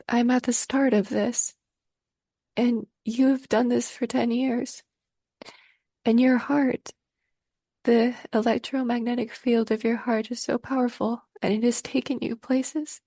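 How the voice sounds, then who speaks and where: A woman's voice: a little high, flat delivery, slow, long pauses, dark tone, no room sound, clean studio sound. A woman hosting a spiritual conversation, talking in an effusive, emotional way full of gushing praise. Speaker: host.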